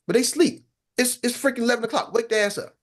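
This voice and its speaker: A man's voice: very high voice, quick pace, fairly bright tone. A man giving a motivational talk as a business coach, blunt and colloquial, repeating phrases for emphasis.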